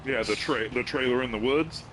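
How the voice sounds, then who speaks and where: A man's voice: medium pitch, brisk, a bit bright. A man co-hosting a chat, giving short, laid-back replies. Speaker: co-host. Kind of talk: casual chat. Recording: off-mic with background noise.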